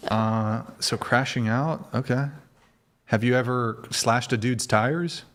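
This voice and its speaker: A man hosting a dating talk panel, teasing guests and prodding them with quick questions. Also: medium pitch, a bit bright. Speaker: host. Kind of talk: casual hosting.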